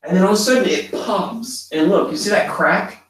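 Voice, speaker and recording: A man hosting a live ghost hunt, calling softly and coaxingly to a spirit in a large old hotel room. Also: high voice, normal speed, far from the mic. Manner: hushed, coaxing calls to a spirit. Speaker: paranormal event host. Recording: very echoey room, voice from afar.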